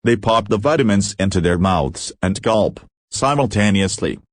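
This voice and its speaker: Male audiobook reader, low, dry, steady narration. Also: moderate pace, dry recording. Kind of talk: scripted narration of stage directions.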